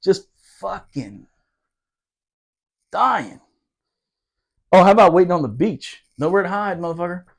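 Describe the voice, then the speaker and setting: A man in his forties spins rowdy old service stories in a loose podcast chat. His voice sits a bit high for a man. He talks with lots of swearing and keeps breaking into laughter. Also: measured pace, gravelly, long pauses. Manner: animated, profane, laughs often while telling stories. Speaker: podcast host, Marine veteran. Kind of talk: casual storytelling chat.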